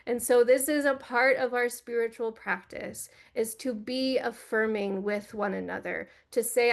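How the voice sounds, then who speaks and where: A woman's voice: on the high side, fairly even intonation, measured pace, gravelly, hardly any pauses. A woman giving an earnest, direct teaching talk for a church, speaking into a computer microphone on a video call. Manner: earnest, direct, gently instructive.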